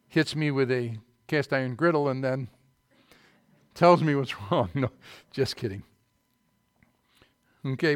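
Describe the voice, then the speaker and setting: A man's voice: medium pitch, no room sound. Emphatic preaching man, dry close sound. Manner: emphatic preaching with rising bursts and asides. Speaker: pastor. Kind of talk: sermon.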